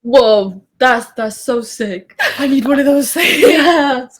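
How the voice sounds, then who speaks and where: A woman chatting with a stranger on a video chat, excited and laughing, swearing casually. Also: high voice, slow.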